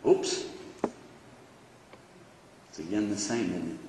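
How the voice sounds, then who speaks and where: A man giving a religious lecture, explaining in an animated, conversational way. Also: mid-range voice, unhurried, long pauses. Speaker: Islamic lecturer. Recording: echoey hall, faint background noise.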